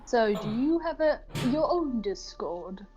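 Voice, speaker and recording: A woman's voice: fairly high pitch, lively intonation, slow pace, lo-fi sound, over music. A woman from Germany, chatting and teasing as a player in a tabletop game. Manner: giggly and teasing. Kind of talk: casual chat on a game stream.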